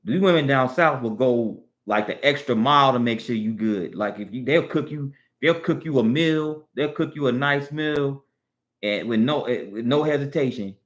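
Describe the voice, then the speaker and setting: A man from the Southern United States, with a matching accent, hosts a casual livestream, rambling in a laid-back way as he thinks out loud. His voice is mid-range at normal speed, and the sound is lo-fi.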